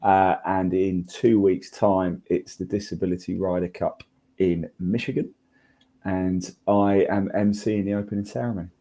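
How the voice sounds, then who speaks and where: A British man co-hosts a casual podcast in a low, mellow voice. He talks in a relaxed, enthusiastic way. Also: normal speed. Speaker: podcast co-host.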